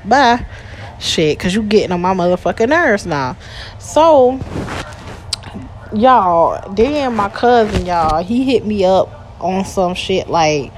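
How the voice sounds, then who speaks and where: A woman's voice: mid-range voice, lively intonation, takes it slowly. Woman ranting profanely, faint hiss. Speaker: voice message poster. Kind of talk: ranting voice message.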